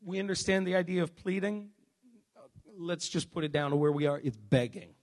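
A man preaching a sermon in church as pastor, emphatic, swinging between shouts and hushed asides. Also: fairly high pitch, lively intonation, normal speed. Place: church service.

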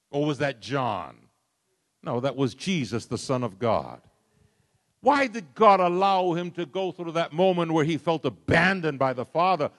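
Impassioned man preaching a sermon. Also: fairly high pitch. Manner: impassioned, sweeping from soft to loud. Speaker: pastor.

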